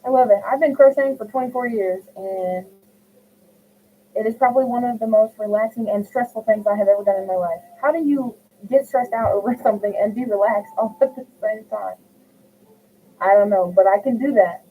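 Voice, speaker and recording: While crocheting at home on a livestream, a middle-aged woman chats casually, reading comments aloud and replying to viewers by name. She speaks briskly in a fairly high voice, and the audio is tinny and phone-like with a faint hiss.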